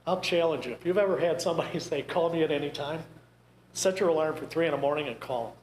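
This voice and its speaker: A man talks to a group in a conversational, wry way, dropping in jokes. His voice sits a little high. The room is echoey, with a faint hiss underneath. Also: fast talker. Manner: wry, conversational, joking asides. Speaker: grief presenter. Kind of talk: talk to a group. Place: church meeting room.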